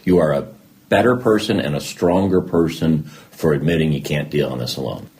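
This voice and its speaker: A man with a bass voice, a podcast guest, candidly tells his own story at a brisk pace. He jokes at his own expense and acts out conversations he remembers. His tone is darkish, and there's a little hiss or hum.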